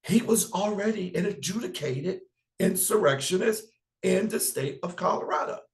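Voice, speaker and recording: Middle-aged man, show host, slow deliberate emphatic delivery, impassioned commentary. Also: mid-range voice. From United States. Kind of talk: political commentary broadcast.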